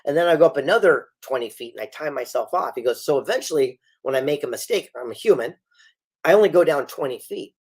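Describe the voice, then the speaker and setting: A man's voice: fairly high pitch, expressive, fast, slightly rough. A middle-aged man, a guest author and speaker, telling stories in an interview and acting out the dialogue he quotes. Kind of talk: storytelling interview.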